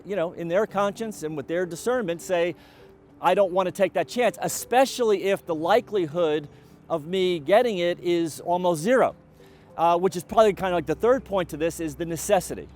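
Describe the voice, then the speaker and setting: A middle-aged man giving a college president's video update, speaking in a measured, deliberate way with frequent fillers and restarts. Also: high-pitched, darkish tone.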